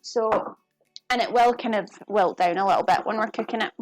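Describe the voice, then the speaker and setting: A woman streams herself cooking in her home kitchen, chatting casually with viewers in a mid-range voice at a moderate pace. Soft music plays in the background, and there's no echo.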